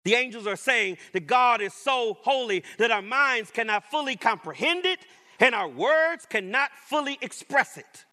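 A man preaching a sermon as pastor, with emphatic, rising declarations and deliberate repetition. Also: very high voice, lively intonation, sharp tone.

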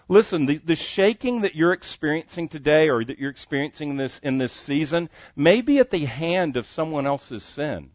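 A man's voice: a little high, no room sound, lo-fi sound. A man preaching a sermon, reading scripture aloud and pressing each point with earnest emphasis. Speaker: pastor.

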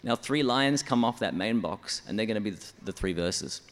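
A fairly low-pitched man with lively intonation talks briskly in a large hall about writing songs for church. In this interview he explains his method methodically, step by step, and counts the syllables out loud.

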